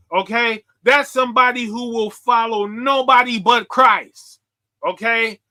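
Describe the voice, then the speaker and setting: A man preaching forcefully to his viewers, confrontational and full of slang. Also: high-pitched. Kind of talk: street preaching livestream.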